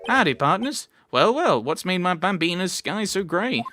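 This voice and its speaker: A man voicing a folksy, cowboy-talking male police officer with a hammy, exaggerated drawl, pitched above his own voice. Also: a little fast, natural voice. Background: game music.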